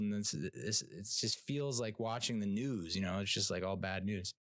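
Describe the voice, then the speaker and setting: Male podcast host, low-pitched, rambling and blunt, dry close recording. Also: normal speed, few pauses, a bit bright, no echo. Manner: rambling, many fillers and restarts, blunt and profane. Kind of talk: casual solo rant and TV review.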